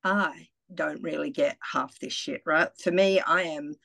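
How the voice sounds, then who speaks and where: A woman's voice: deep voice, unhurried, creaky, a bit bright, rough recording. A middle-aged woman giving a candid, self-mocking spoken testimonial as a retreat participant, laughing often and swearing freely.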